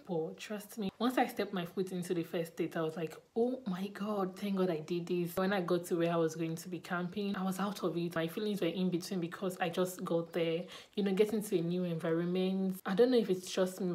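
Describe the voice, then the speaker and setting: A woman's voice: lowish voice, a little mellow. A young Nigerian woman with a Nigerian accent, chatting to camera in a casual vlog and repeating words for emphasis. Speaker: vlogger.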